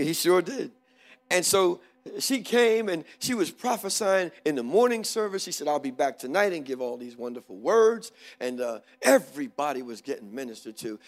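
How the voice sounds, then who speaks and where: A middle-aged male preacher telling a personal story in a sermon, animated, swinging from hushed moments to loud exclamations. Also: high-pitched.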